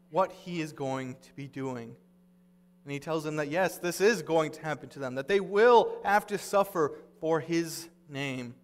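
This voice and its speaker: A man's voice: on the high side, big-room sound. A man pastor giving a sermon, earnest and conversational as he retells scripture in everyday words.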